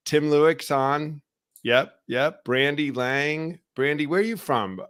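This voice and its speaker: A man's voice: on the high side, slow pace, a bit bright, smooth. A man hosting a live online recovery show, talking casually and greeting viewers by name. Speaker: show host. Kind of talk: casual live-stream talk.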